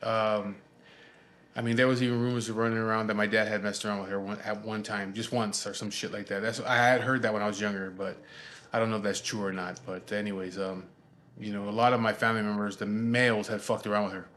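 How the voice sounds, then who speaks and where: A man's voice: lowish voice, flat delivery, fast, fairly bright tone. A man in his forties, a show host telling a personal story in casual chat, rambling and swearing freely with many restarts. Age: 40s. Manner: rambling, profane, lots of fillers and restarts.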